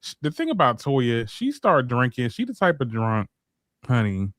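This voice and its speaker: A man's voice: medium pitch, wildly swooping pitch, moderate pace, a bit bright, no room sound, clean studio sound. A man on a casual panel, talking in a sassy and exasperated way. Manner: sassy, exasperated, says "honey".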